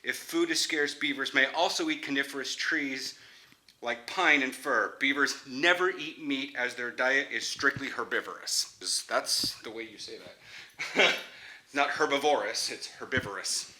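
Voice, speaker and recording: A man's voice: medium pitch, measured pace, bright, forceful tone, slight background noise. A young man, a football player, chatting casually in a rambling way, restarting sentences and laughing often.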